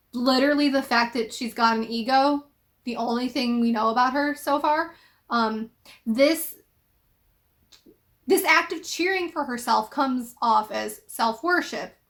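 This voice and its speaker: A young woman giving an opinionated, emphatic video commentary, pausing often with ums. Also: high-pitched. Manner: critical, emphatic, with frequent ums. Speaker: video essayist.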